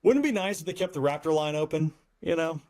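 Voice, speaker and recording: A man's voice: on the high side, animated, fast, a little mellow. A man hosting a podcast who is a former fighter pilot, chatting casually and trading his own flying stories. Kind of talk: casual interview chat.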